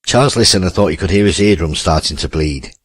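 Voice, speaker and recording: A man narrating a novel with steady, wry storytelling. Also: deep voice, fast talker, breathy edge, no room sound. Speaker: audiobook narrator. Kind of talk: scripted narration.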